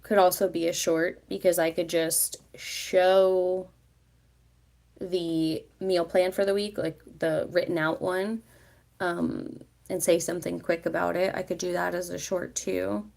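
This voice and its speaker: A woman talks in a loose, rambling way to her livestream viewers, with many fillers. Her voice sits low and has a gravelly edge. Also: level tone, a little slow, a little mellow. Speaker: vlogger. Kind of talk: casual live chat.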